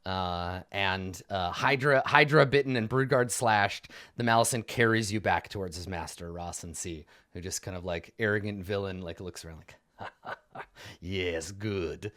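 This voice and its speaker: A man running a tabletop game as game master, narrating in a casual, animated way with many fillers. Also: low-pitched, normal speed.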